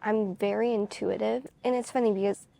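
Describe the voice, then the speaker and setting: Woman with a heavily gravelly voice. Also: mid-range voice, fairly even intonation, moderate pace, dark tone. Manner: rambling, full of "like" fillers; candid, confessional storytelling. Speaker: vlogger. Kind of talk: casual chat to camera.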